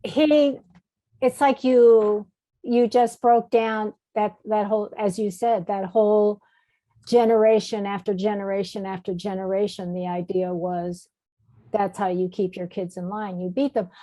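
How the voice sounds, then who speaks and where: A woman's voice: mid-range voice, fairly even intonation, a little slow, warm tone. A woman interviewing a guest, mostly giving short affirming replies. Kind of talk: interview conversation.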